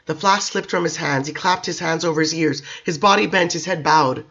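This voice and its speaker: A man's voice: on the high side, a little fast, hardly any pauses, pushed and bright, lo-fi sound. Man reading a gothic novel aloud. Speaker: reader.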